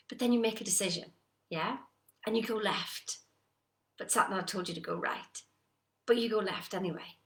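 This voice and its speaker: A woman giving a casual motivational talk, animated and acting out her own doubts. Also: medium pitch, normal speed, long pauses. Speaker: personal development coach. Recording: echoey room.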